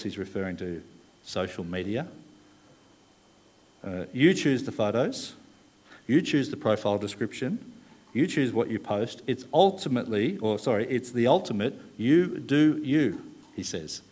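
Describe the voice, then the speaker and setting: Man preaching, slow and emphatic. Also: mid-range voice, darkish tone. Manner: thoughtful, frequent "uh" pauses, leans on key words. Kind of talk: sermon.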